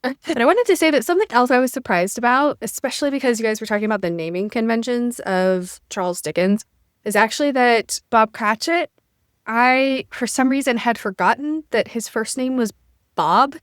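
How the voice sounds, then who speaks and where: A woman co-hosting a casual book podcast, animated and playful as she talks about her reading. Her voice sits fairly high. The sound is dry, with no room around it. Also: moderate pace, no echo. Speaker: podcast co-host.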